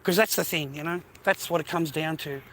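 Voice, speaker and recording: Australian man, loose walk-and-talk streamer, high bright voice, faint street noise. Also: fairly quick. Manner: chatty, rambling, peppers speech with "mate" and "bro", swears. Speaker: live streamer. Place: outdoors, walking along streets. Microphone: phone held while walking.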